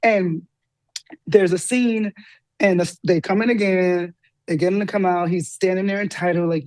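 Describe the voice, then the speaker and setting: A woman guest telling a personal story with lively energy, acting out the voices of the people in it. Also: normal speed, no room sound. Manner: lively, acts out quoted dialogue with big pitch jumps. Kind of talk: animated storytelling in an interview.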